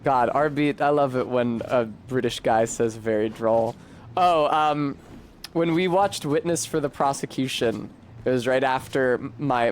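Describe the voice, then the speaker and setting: A man's voice: medium pitch, slight background noise. A man streaming a video game, chatting casually in a rambling, profane, self-deprecating way. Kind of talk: casual gameplay commentary.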